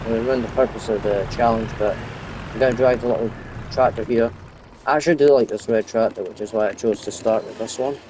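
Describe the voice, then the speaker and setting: A man's voice: lowish voice, fairly even intonation, fast, background noise. A young man giving casual, rambling commentary while playing a farming game, often drifting off topic. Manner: rambling, chatty, goes off topic. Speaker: gaming YouTuber.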